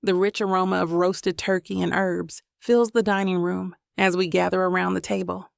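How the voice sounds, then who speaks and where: A woman's voice: lowish voice, little pitch movement, normal speed, vocal fry, hardly any pauses, dry recording. A woman narrating a first-person romance audiobook in a tender, reflective manner, recorded on a close mic.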